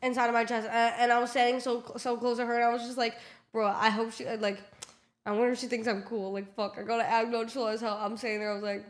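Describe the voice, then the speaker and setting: A young woman tells a casual storytime vlog in a fast, fairly high voice with little pitch movement. She's chatty, swears a lot, says "like" constantly, and acts out what everyone said.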